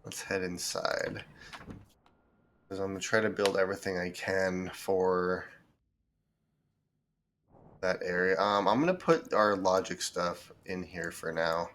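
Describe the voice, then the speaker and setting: A man streaming a building game, thinking aloud in relaxed commentary as he sorts items and plans what to build. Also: low-pitched, measured pace, long pauses, a little hiss or hum. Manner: thinks aloud, with fillers and restarts. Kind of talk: casual gameplay commentary.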